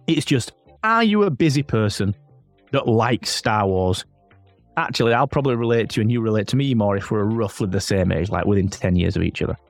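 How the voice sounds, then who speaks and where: Man, animated, emphatic, rambling, dry recording, faint background music. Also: on the low side, brisk, dry recording. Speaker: podcasting expert guest. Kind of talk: casual interview advice.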